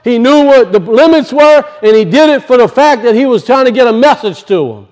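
A male pastor preaching a conversational sermon, acting out little voices and dropping low for asides. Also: lively intonation, brisk, a little mellow.

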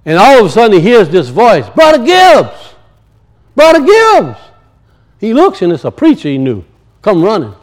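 A man preaching a sermon and telling stories, swinging from loud high peaks to low muttered asides. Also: big pitch swings, fairly quick, poor audio. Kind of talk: sermon with storytelling.

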